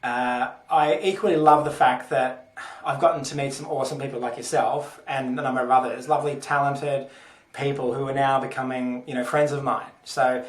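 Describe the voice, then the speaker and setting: A man's voice: mid-range voice, level tone, normal speed. An Australian man, an actor guest on a podcast, speaking earnestly and thoughtfully with lots of fillers. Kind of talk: casual interview chat. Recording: echoey and distant from the mic.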